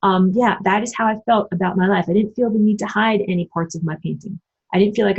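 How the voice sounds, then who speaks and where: A woman talking casually about spiritual ideas and answering her live chat, acting out quoted voices with big jumps in pitch and swearing bluntly. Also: fairly even intonation, fast, breathy edge, highs cut off. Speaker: spiritual channel host.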